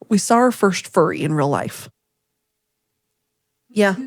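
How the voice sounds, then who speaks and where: Speaking slowly in clean studio sound with no room sound, a woman in her forties co-hosts a podcast. She's an animated storyteller in casual chat, voicing the quotes with big swings in pitch.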